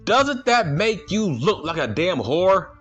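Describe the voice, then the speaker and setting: A man's voice: high-pitched, big pitch swings, slow, fairly bright tone, slightly rough, dull audio, soft background music. A man ranting in a vlog, indignant and slangy, firing the same rhetorical questions again and again. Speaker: vlogger.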